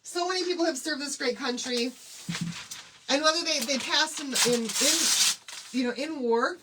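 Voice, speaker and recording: A fairly high-voiced woman hosts a casual craft livestream. She is bubbly and chatty, greeting her viewers one by one as she gets her supplies ready. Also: normal speed, very noisy.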